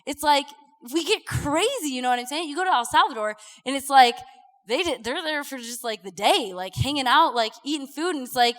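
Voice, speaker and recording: Young woman preaching casually, high bright voice, lots of "like", big reverby hall. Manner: chatty, animated, many fillers like "like", acts out quotes. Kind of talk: casual sermon with personal stories. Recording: live talk with long hall reverb.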